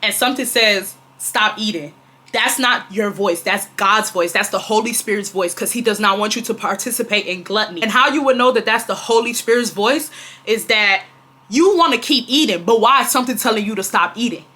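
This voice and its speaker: A woman's voice: a little high, a little fast, bright, forceful tone. A young woman, telling a storytime vlog in an emphatic way, repeating herself and talking straight to her viewers. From Houston, Texas. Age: 20s. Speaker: vlogger. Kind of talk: casual storytime monologue.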